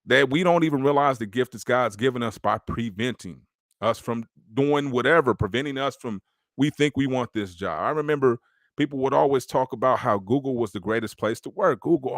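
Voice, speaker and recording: A man's voice: mid-range voice, normal speed, a bit bright, dry recording, studio quality. Casual streetwise man preaching motivation. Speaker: podcast host. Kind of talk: motivational faith talk.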